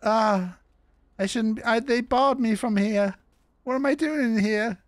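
A man's voice: high-pitched, measured pace, dry recording, studio quality. A Welsh man playing a dazed, drugged man who thinks he is a cat, meowing and confused, in game role-play.

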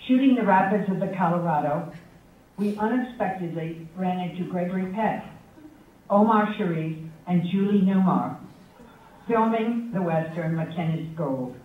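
A high-voiced man delivers a prepared tribute in an unhurried, wry storytelling manner. He sounds thin and phone-like, caught from a distance in a very echoey hall. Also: a little hiss or hum. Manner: measured storytelling with a wry, affectionate tone. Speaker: tribute speaker at a memorial forum. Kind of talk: prepared anecdotal tribute speech. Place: university forum hall with audience.

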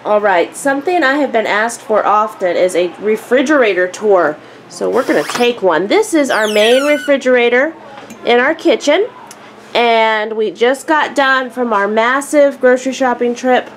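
A woman's voice: on the high side, normal speed, a little hiss or hum. A woman casually narrating a family vlog, chatty and upbeat with frequent fillers. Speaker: vlogger, mother of a large family.

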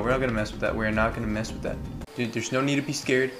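A man at a mid pitch talks through a game with jumpy excitement, breaking into shouts and goofy caveman phrases. Game music plays clearly underneath his voice. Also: quick pace. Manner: excitable, yelling reactions and silly caveman talk. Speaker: gaming video creator. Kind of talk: let's play commentary.

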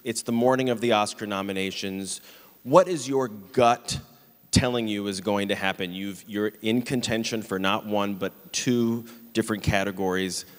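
A man from New York moderating an onstage interview, asking measured questions. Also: on the low side. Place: large theater stage. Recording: long hall reverb.

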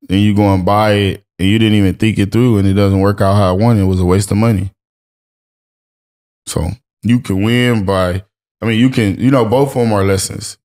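Chill guy with a lowish voice, cussing and storytelling, casual podcast chat. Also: fairly even intonation, normal speed, a little mellow. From Los Angeles. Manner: laid-back storytelling, heavy slang and swearing. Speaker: podcast guest, streetwear brand owner.

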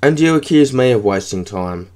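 A man's voice: on the low side, normal speed, darkish tone, lightly acted. A man voicing an impatient, scornful alien secretary in an audiobook.

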